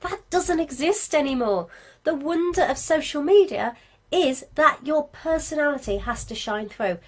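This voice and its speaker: A craft business marketing coach leads a live-streamed class from home, coaching craft sellers in a chatty, encouraging way full of asides. Her voice is high and animated, and she speaks at a normal speed.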